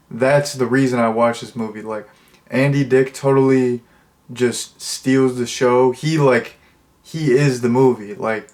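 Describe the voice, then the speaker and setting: A young man reviewing a comedy film in a casual, rambling way, full of fillers and restarts. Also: medium pitch. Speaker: movie reviewer.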